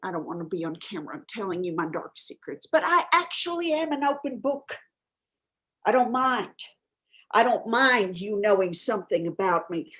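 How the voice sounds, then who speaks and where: A woman's voice: medium pitch, lively intonation, normal speed, a bit bright, natural voice. A woman playing an eccentric self-declared medium who answers questions in a rambling, frank way, full of ums and uhs. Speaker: guest answering audience questions. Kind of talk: improvised character comedy.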